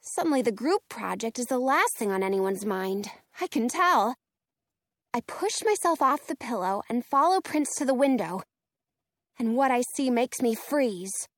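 A woman reads a children's storybook aloud with an expressive, animated delivery. Her voice is high and lively, and she takes an unhurried pace. The recording is dry and close. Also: dry recording.

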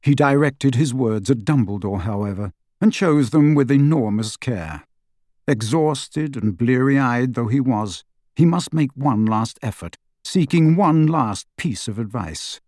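A man narrating an audiobook in a steady, even storytelling manner on a close microphone. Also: mid-range voice, unhurried, dry recording. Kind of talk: scripted narration.

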